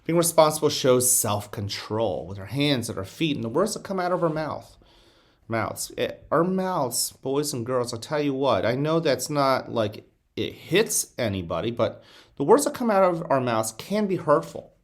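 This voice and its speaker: A school principal giving the morning announcements, leading children through a slow, calm breathing exercise and encouraging them. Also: male voice, mid-range voice. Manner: encouraging, addresses children directly.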